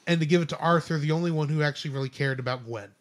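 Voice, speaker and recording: Young male podcast co-host, slightly higher voice, casual and rambling film talk. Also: racing. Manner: rambling, self-correcting. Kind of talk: casual film review chat.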